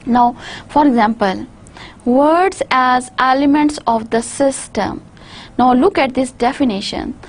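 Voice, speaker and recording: A woman with a South Asian English accent delivers a university lecture in a high, light voice. She explains patiently, circling back and restarting words as she reasons through each point. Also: a little mellow. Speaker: linguistics lecturer.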